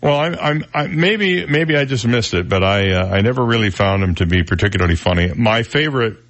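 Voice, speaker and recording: A man's voice: mid-range voice, lively intonation, a little fast, a bit bright. A man hosting a radio talk show, chatting casually and reading news items with his own asides.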